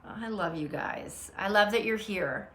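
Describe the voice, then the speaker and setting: A woman's voice: mid-range voice, measured pace, a bit bright. A middle-aged woman hosting an unscripted livestream from her phone, rambling and greeting viewers by name as they join. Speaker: livestream host. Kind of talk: unscripted live chat.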